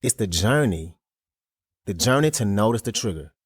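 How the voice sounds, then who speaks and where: A man hosting a solo motivational podcast, talking in an earnest, casual way with emphatic jumps in pitch. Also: lively intonation, normal speed, slightly rough, no room sound, clean studio sound. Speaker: podcast host.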